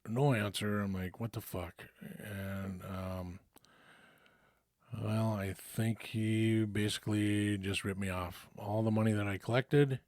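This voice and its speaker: Low-voiced man telling a rambling story. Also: fairly even intonation, slow, darkish tone, no room sound, clean studio sound. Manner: rambling, profane, many fillers and restarts. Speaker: storyteller recounting his past. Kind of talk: casual spoken storytelling.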